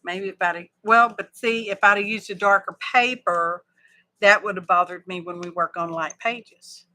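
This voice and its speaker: A woman's voice: medium pitch, fairly even intonation, normal speed, bright, forceful tone. A woman hosting a craft livestream, chatting casually and thinking aloud with folksy asides.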